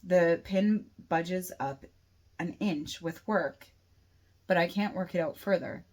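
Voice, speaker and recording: A woman reading her own novel aloud as a first-person audiobook, steady with occasional restarts. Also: fairly low pitch, takes it slowly.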